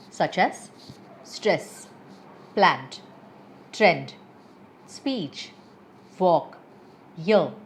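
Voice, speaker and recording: Female teacher, slow and expressive, lesson on word stress. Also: lowish voice, a little hiss or hum. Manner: slow, careful, reads example words twice. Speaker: English teacher. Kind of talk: pronunciation lesson.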